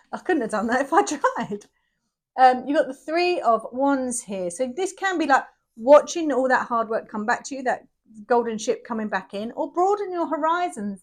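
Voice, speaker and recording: A middle-aged woman, giving a casual, chatty tarot reading full of jokes and exclamations. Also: high voice. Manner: chatty, jokey, frequent exclamations. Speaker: tarot reader.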